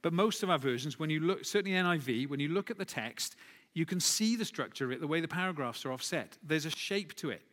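A man's voice: on the high side, animated, quick pace, fairly bright tone. A man preaching a sermon in a conversational way, with self-corrections and asides. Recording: long hall reverb.

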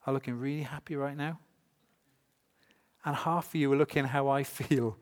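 A man's voice: mid-range voice, fairly even intonation, normal speed, long pauses. A man preaching a sermon to a congregation, emphatic and full of rhetorical questions. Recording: long hall reverb.

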